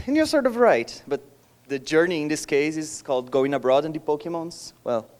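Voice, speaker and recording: A man's voice: fairly high pitch, lively intonation, normal speed, darkish tone. A young man from Brazil with a Brazilian Portuguese accent, giving a conference talk in a joking, self-deprecating way and laughing between lines. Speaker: conference speaker. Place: conference hall.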